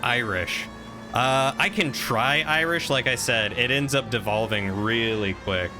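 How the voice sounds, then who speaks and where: A man's voice: mid-range voice, a little slow, noisy background. A man from the American South streaming a game, chatting with viewers in a playful, defensive way. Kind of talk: casual gameplay chat with viewers.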